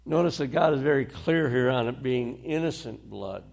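A man preaching a sermon in a slow, deliberate way, pausing often between phrases. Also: mid-range voice, animated, creaky, darkish tone. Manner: slow, deliberate delivery with pauses and short dry laughs.

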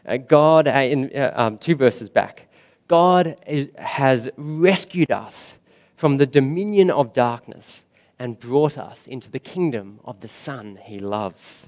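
A man preaching a sermon in a church, slow and emphatic, with dramatic rises and quiet drops. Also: medium pitch, animated. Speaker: pastor.

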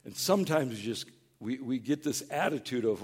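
A man preaching a sermon as a pastor, earnest and conversational. He acts out people's words in a higher, louder tone and goes soft on tender points. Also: normal speed, slightly rough. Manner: animated, acts out quoted voices in a higher, louder tone.

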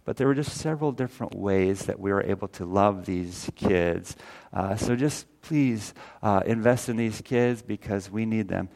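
A man's voice: on the low side, moderate pace, gravelly. A man preaching a sermon, folksy and earnest, speaking with energy. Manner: folksy, earnest preaching, rises loud when quoting scripture. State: briefly tearful. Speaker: pastor.

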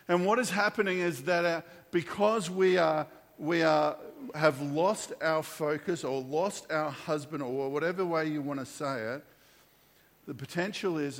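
A man preaching a sermon, telling a story with animated character voices and frequent restarts. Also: on the high side, big-room sound. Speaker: pastor.

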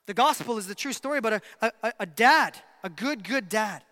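A man preaching a sermon as pastor, emphatic, swinging between loud passages and hushed ones. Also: high-pitched, animated, fairly quick, in a large hall.

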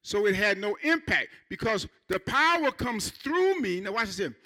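Male pastor, high voice, very bright tone; lively sermon delivery with playful asides. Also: normal speed. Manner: animated preaching with playful asides and acted quotes. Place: church.

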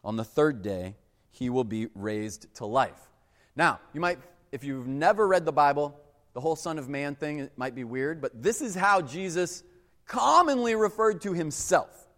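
A man's voice: a little high, lively intonation, normal speed, fairly bright tone. A man preaching a sermon as a pastor, talking in a conversational way and acting out quoted voices. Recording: long hall reverb.

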